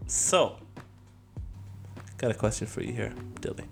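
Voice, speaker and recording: Animated young man chatting casually. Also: on the low side, measured pace, vocal fry, faint music behind. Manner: animated, laughing, lots of restarts and slang. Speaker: podcast co-host. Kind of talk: casual chat.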